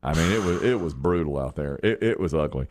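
A man hosting a talk show, telling funny stories in a casual, animated way. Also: fairly quick. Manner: animated storyteller, lively pitch swings. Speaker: radio show host. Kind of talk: casual chat with co-hosts.

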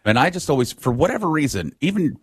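A man's voice: on the high side, sing-song, fast, slightly rough, no echo, clean studio sound. A man telling a story in a casual chat, laughing and acting out quotes.

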